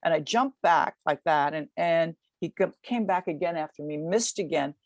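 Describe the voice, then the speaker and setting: An older woman in her seventies tells a story with energy, tumbling through quick restarts. Her voice sits fairly low and sounds close and dry, with no room around it. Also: no echo. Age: 70s. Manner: vivid, lively retelling with quick restarts. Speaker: guest recounting a race. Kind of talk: storytelling in a podcast interview.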